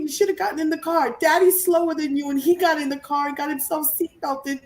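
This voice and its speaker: A woman telling a lively, laugh-filled story in a relaxed crafting chat. Her voice sits a bit high and comes from a distance in a reverberant room, with faint ambient noise behind her. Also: brisk, hardly any pauses. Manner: animated storyteller, laughs often. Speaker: co-host of a crafting live show. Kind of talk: casual chat. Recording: echoey room from far off.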